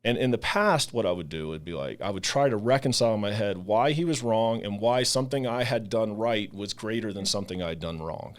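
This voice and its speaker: A man's voice: lowish voice, a little fast, hardly any pauses. A man who leads a ministry, talking earnestly in a casual faith discussion and acting out the voices he quotes. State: emotional, voice catching. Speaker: ministry leader and podcast co-host.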